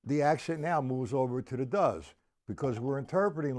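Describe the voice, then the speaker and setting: A man with a mid-range, animated voice at a moderate pace teaches a drum lesson on a live stream from a room with a drum set. He explains exercises patiently and conversationally, counting beats aloud, while a loud drum kit plays behind his voice.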